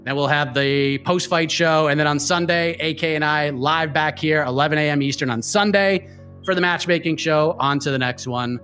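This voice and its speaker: Energetic bright-voiced male show host. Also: a little high, moderate pace, faint music behind. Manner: energetic, playful, plugs upcoming shows. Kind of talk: casual show hosting.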